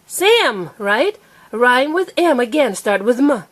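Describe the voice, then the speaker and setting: A young woman patiently teaching her small child to read, sounding out each word slowly and clearly. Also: on the high side, expressive. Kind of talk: reading lesson with a preschooler.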